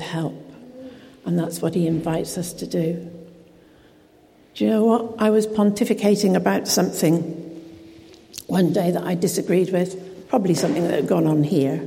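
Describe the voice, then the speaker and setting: Woman preacher, lowish mellow voice, earnest and emphatic sermon delivery. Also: vocal fry, long reverb tail. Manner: earnest, emphatic preaching with direct questions to the congregation.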